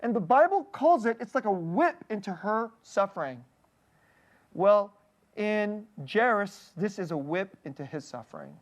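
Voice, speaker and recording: A male pastor preaching a conversational sermon in a candid, personal way, often breaking off to restart a thought and checking in with a quick "okay?". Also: sits high, big pitch swings. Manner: halting, restarting phrases mid-thought.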